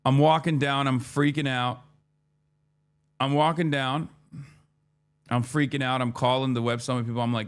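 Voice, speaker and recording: Animated, profane man telling a story. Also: medium pitch, normal speed, long pauses, clean tone. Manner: profane, animated, acts out his own dialogue. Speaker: streamer. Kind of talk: casual storytelling chat.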